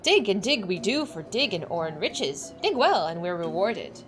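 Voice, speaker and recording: Small whiny kobold digger, begging and dramatic, put on by a woman, soft and a touch low, lively swoops. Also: moderate pace, soft background music. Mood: pleading. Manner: repeats "yes, yes, yes", dramatic and pleading. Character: groveling downtrodden kobold digger, small and pleading. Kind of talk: reading game dialogue aloud.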